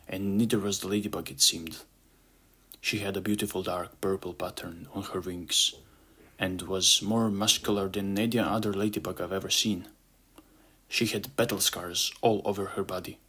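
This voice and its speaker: A man reads his own story aloud in the first person, with a husky voice. His tone is bright and on the low side. He keeps a plain storyteller's manner and slows down on the key lines. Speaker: narrator. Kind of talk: first-person audiobook narration.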